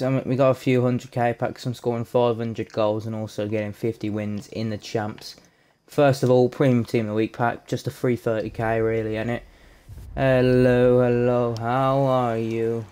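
A young man commentating his own football video game, sweary, excitable and full of jokey banter. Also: mid-range voice. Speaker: gaming YouTuber. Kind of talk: live gameplay commentary.

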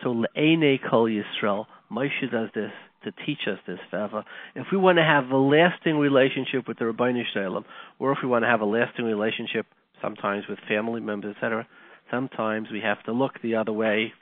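A man hosting a Torah talk show, teaching with animated delivery and frequent Hebrew and Yiddish terms. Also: medium pitch, brisk, no echo. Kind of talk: Torah lecture with storytelling. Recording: tinny phone-like line, dry.

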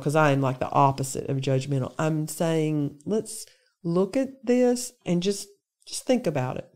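Low-voiced woman teaching scripture. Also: a little mellow. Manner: conversational, earnest, lists examples with emphasis. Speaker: women's day speaker. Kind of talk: Bible lesson talk to women.

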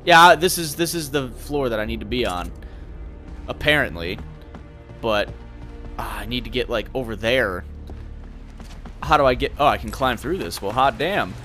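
A young man giving casual, excitable gameplay commentary, thinking aloud and swearing. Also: mid-range voice, normal speed, pauses often, soft background music.

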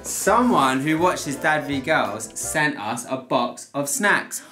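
Low-voiced British mum, chatty vlog host. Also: female voice, lively intonation, slow pace, fairly bright tone. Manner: chatty, upbeat, talks with her kids. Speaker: family vlogger host, mum. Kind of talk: casual family vlog chat. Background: background music.

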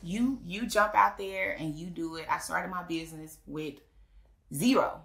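Recorded in a reverberant space, she delivers casual interview stories in a lowish, creaky voice, going a little slowly. She officiates weddings and owns a business, and she brings her anecdotes to life by imitating the people she quotes.

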